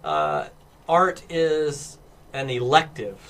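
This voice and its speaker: A man's voice: fairly high pitch, lively intonation, takes it slowly, a bit bright. A man from Texas, standing in as host in a casual chat, rambling with lots of restarts and fillers. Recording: music playing in background.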